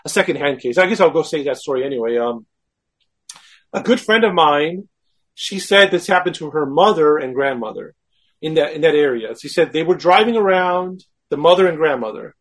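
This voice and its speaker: A man, a guest, telling a personal story in casual talk, animated and self-mocking, acting out his own quoted thoughts. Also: on the high side, normal speed.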